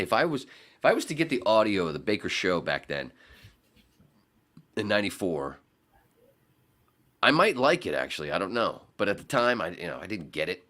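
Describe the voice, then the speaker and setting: Brief: a male podcast guest, animated and profane storyteller, low and bright. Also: normal speed, long pauses. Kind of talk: casual storytelling chat.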